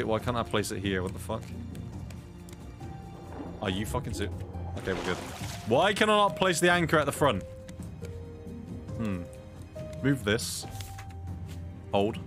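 Swearing British streamer chatting over gameplay. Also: male voice, on the low side. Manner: swears often, reads chat aloud, blurts reactions. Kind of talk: casual gameplay chat.

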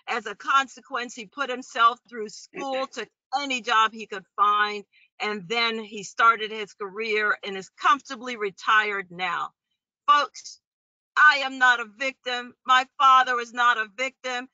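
Rousing woman candidate, sharp voice. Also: on the high side, no room sound. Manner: rousing, direct address to the crowd. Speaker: political candidate. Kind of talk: campaign forum speech. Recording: dry, dull lo-fi audio.

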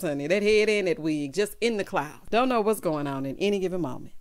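A woman giving a sassy, animated recap of a reality show, quoting the couples in put-on voices. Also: medium pitch, fast, few pauses. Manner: sassy, animated, quotes people in character voices. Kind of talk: casual commentary recapping an episode.

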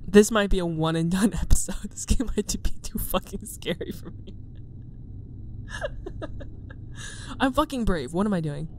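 A young woman streams a horror game, talking slowly while her pitch swings wide. She drops into whispers, swears, and laughs nervously. Faint noise hangs behind the voice. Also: lively intonation, darkish tone. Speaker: gaming video host. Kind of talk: casual let's-play commentary.

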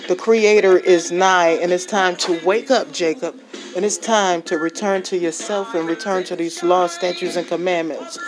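A woman giving an impassioned, exhorting testimony as a religious vlogger, repeating herself for emphasis. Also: on the low side. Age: adult with a child and parents. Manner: fervent, exhorting, repetitive.

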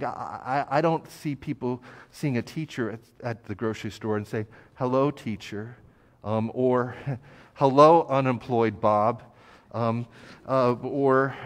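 A man's voice: mid-range voice, steady tone, unhurried. Chatty male pastor in a reverberant church. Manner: conversational, self-deprecating storytelling with fillers. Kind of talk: sermon. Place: church sanctuary.

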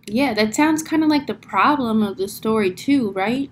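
Lively teacher woman reading aloud. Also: a little high, moderate pace, hardly any pauses, slight background noise. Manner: animated, asks the class questions, acts out sound words. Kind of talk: reading a picture book aloud to children.

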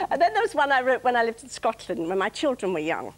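A woman's voice: a little high, sing-song, moderate pace, long pauses. An older woman chatting about gardening and reciting her own comic poems with playful timing as a studio guest. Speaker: dictionary corner guest reading poems. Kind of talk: light chat and poetry reading. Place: television studio.

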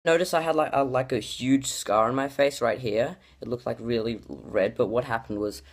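A man's voice: mid-range voice, normal speed. A man, talking casually in a vlog, rambling with lots of filler words and restarts and gushing exclamations. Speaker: YouTuber reacting to his childhood videos.

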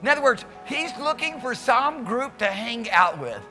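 High-voiced man preaching with fervor. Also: sing-song, moderate pace, big-room sound, over music. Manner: impassioned preaching with shouted peaks; repetitive, rhythmic exhortation. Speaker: pastor. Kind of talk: sermon. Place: church service.

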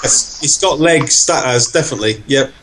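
A man co-hosting a podcast, jokey and animated in casual chat. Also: mid-range voice, moderate pace, a little hiss or hum. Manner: jokey, animated, does voices. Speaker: podcast co-host.

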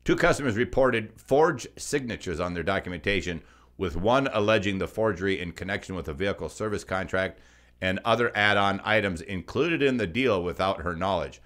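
A man's voice: low voice, animated, fairly quick, fairly bright tone. A man co-hosting a scripted consumer news commentary, reading reports and adding sarcastic asides. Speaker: co-host.

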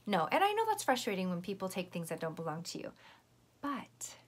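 Gentle teacher woman talking to children. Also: mid-range voice, wildly swooping pitch, a little fast. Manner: gentle, patient, explains step by step. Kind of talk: lesson for young children.

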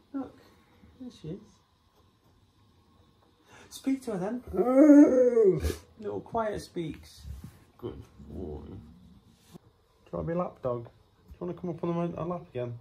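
A woman filming at home, talking to her dogs in a soft, coaxing, affectionate way. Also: fairly low pitch, big pitch swings, slow pace, creaky, long pauses, a little hiss or hum. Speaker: dog owner and new mother filming at home. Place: family home.

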